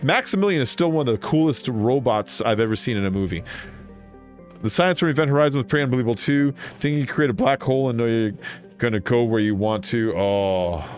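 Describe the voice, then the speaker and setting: A man's voice: mid-range voice, expressive, brisk, soft background music. A man streaming a game, chatting casually and telling long, rambling stories full of fillers. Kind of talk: casual chat while gaming.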